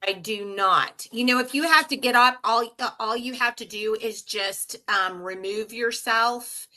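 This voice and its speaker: A woman's voice: a little high, unhurried, pushed and bright. A woman co-hosting a show over a video call, chatting and passing along questions from viewers. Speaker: co-host.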